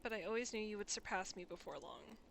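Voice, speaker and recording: A woman's voice: mid-range voice, quick pace, creaky, background noise, natural voice. A woman reading a dying old father, tender.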